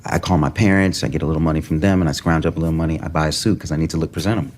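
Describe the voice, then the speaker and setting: A young man recounting a college story in a relaxed, conversational way. His low voice keeps checking in with the listener. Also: very fast. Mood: casual, storytelling. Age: young adult. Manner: relaxed storytelling, seeks agreement with "right?". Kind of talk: TV series dialogue, conversational storytelling.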